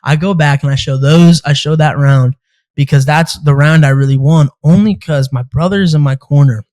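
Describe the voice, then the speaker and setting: A young man hosting a casual chat, telling animated stories, laughing often and swearing casually. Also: on the high side, moderate pace, low-quality recording. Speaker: podcast host and amateur fighter.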